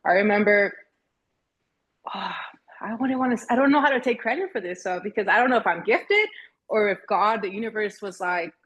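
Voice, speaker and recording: A woman in her thirties recounts hard personal experiences as a podcast guest. Her voice is husky and her speech halting, with frequent restarts as she searches for words. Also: mid-range voice, a bit bright. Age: 30s. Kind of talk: emotional personal storytelling.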